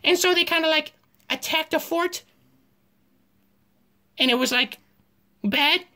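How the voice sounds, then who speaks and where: A woman uses a high, slow, pushed and bright exaggerated voice to play a goofy cartoon giraffe teaching history. The comedic narration is flippant and offhand, crude and packed with fillers and swearing.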